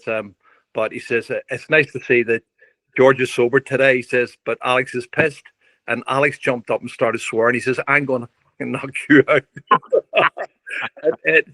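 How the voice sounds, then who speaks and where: An older man, a podcast guest telling lively stories full of quoted dialogue. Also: lowish voice, no echo. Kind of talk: anecdotal storytelling.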